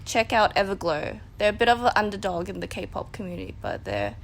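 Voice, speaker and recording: A woman on a podcast in casual chat, soft-spoken and trailing off quietly. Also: medium pitch, very animated, fairly quick, a little hiss or hum. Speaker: podcast guest.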